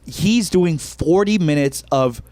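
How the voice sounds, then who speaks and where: A man co-hosting a comedy podcast, spinning a backstage story with lots of laughter and loose profanity. His pitch swings widely from low asides to high bursts. The sound is close and dry, with no room around it. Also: takes it slowly, dry recording. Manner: animated, laughs often, swears freely. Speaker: podcast co-host, stand-up comedian.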